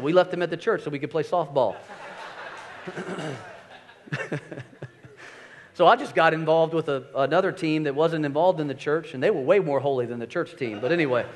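High-voiced energetic preacher man. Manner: energetic, swings from loud emphasis to quiet low asides. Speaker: pastor. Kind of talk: sermon. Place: church sanctuary.

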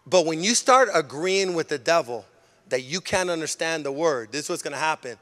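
A male senior pastor preaching a sermon in a church, emphatic and repetitive, often rising to a shout. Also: fairly high pitch, lively intonation, fairly quick. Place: church sanctuary.

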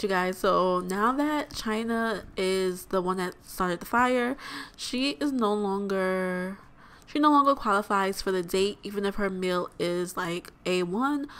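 A woman's voice: medium pitch, fairly bright tone. A young woman hosting a let's play, giving chatty, exclamatory gameplay commentary straight to her viewers.

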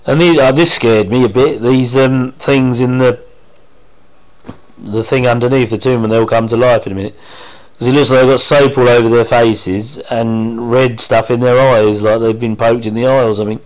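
A man chats over an episode he loves, in a voice of ordinary middle pitch. He rambles happily, drops half-finished thoughts and doubles back. It sounds like a relaxed fan commentary recorded on a home microphone. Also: normal speed, low-quality recording. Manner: rambling and enthusiastic, with trailing half-sentences. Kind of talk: casual watch-along commentary.

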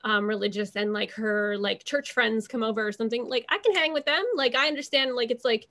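A woman's voice: a little high, fairly quick, pushed and bright. A young adult woman talking casually as an interview guest, rambling with many fillers and restarting her thoughts.

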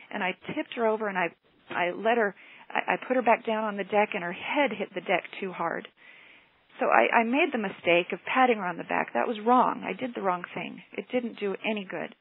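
A woman's voice: mid-range voice, fairly quick, gravelly, breathy edge, no room sound. A woman teacher and motivational speaker telling a personal story in an earnest, reflective way, heard over a telephone line. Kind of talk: personal story told in a teleclass. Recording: tinny phone line, dry.

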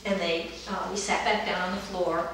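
A middle-aged woman, a dance movement therapist, calmly telling the story of a session with children. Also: on the low side, normal speed, a little hiss or hum. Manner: calm, gentle storytelling, livelier when acting out children. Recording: roomy echo, heard from a distance.

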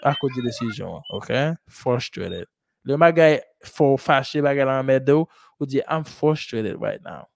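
A man's voice: medium pitch, expressive, normal speed, creaky, dry recording. A man teaching English in a classroom, explaining in Haitian Creole and French, repeating sentences and asking "ok?" after each point. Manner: asks and praises students, says "ok?" and "good job".

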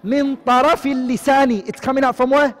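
Guy teaching tajweed, very high voice, fast, quizzes himself the whole time, big echoey hall. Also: steady tone. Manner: quizzing, asks and answers his own questions; recites Arabic terms quickly, then explains in English. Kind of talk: online lesson.

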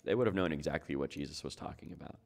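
A man's voice: extremely low pitch, rapid-fire. A man preaching a sermon as pastor, talking it through in a conversational way and asking his listeners rhetorical questions.

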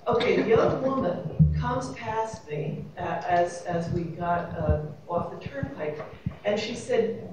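A woman's voice: fairly low pitch, lively intonation, a little slow, noisy background. A woman, a panelist telling a rambling, wry anecdote with laughs. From New York City. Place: convention panel room, echoey. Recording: echoey room from far off, audience murmur.

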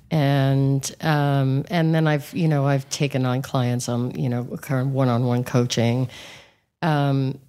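A woman with a low voice, a coach who is a guest on a podcast. She speaks frankly and with animation, leaning on fillers as she talks. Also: dark tone. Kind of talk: casual conversation.

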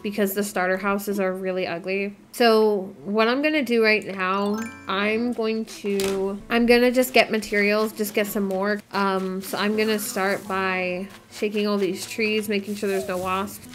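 A woman's voice: mid-range voice, a bit bright. A woman giving casual gameplay commentary, chattering in a scatterbrained, self-deprecating way. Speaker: gaming YouTuber.

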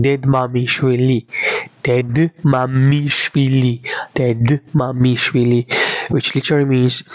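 A man's voice: mid-range voice, no echo. A man from Georgia with a Georgian accent, teaching a beginner language lesson and patiently repeating each word many times. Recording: dull, dry lo-fi audio.

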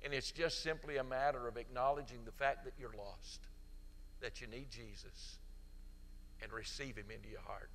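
A middle-aged man preaching a sermon as pastor, swinging from loud emphatic peaks to soft pleading, and leading an altar-call prayer. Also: mid-range voice, fairly even intonation, normal speed, in a large hall, a little hiss or hum.

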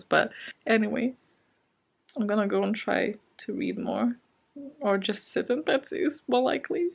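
A woman's voice: mid-range voice, unhurried, creaky, long pauses, slightly rough. A woman talks casually to her vlog camera from her bed at home, still shaken and anxious. She rambles, circles back with plenty of fillers, and lets out small nervous laughs. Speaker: book vlogger.

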